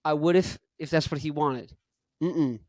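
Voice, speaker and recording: A young adult man with a voice on the high side and a darkish tone speaks a little slowly, recorded dry in a clean studio. Hosting a casual podcast chat, he rambles in laid-back slang and chuckles between thoughts.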